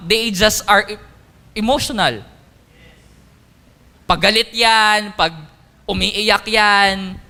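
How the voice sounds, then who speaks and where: A man with a Filipino accent preaching a sermon, mixing Tagalog and English with emphatic, animated delivery. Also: extremely high pitch, clean tone. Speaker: pastor. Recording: long hall reverb.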